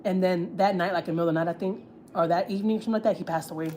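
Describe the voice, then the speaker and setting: A woman's voice: lowish voice, fairly even intonation, very fast, a little mellow, slight background noise. A woman, a family vlogger, tells gossip on a livestream in a blunt, heated, profane way. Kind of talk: casual storytelling, gossip.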